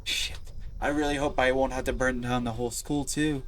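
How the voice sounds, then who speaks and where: A man giving let's play commentary on a horror game, excitable and talking back to the game characters. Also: medium pitch, moderate pace, a little hiss or hum. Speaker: gaming video creator.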